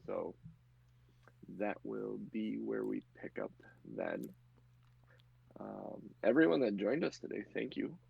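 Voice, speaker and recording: A man hosts and narrates a tabletop game as game master, talking loosely with many fillers. His voice sits low with a husky, gravelly texture. The recording sounds muffled and lo-fi. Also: wildly swooping pitch, slow pace, long pauses, no room sound. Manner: filler-heavy, laughs often. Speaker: game master and podcast host.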